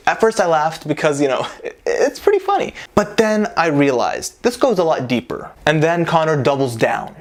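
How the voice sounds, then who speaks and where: A man hosting a commentary vlog, talking in a joking, animated way with chuckling asides. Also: a little high, moderate pace. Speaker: vlog host.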